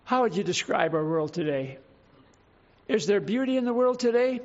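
A male pastor preaching a sermon, reading scripture slowly with emphasis and putting questions to his congregation. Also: high-pitched, expressive, muffled recording.

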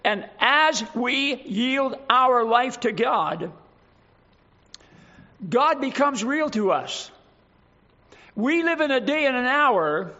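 A man preaching a sermon in a slow, emphatic way, reading scripture aloud and explaining it. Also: very high voice, sharp tone, lo-fi sound.

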